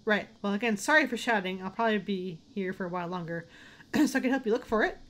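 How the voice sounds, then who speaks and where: A woman voicing an awkward, wary young man in a horror game, talking a little lower than her own voice. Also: fast talker, a bit bright, natural voice.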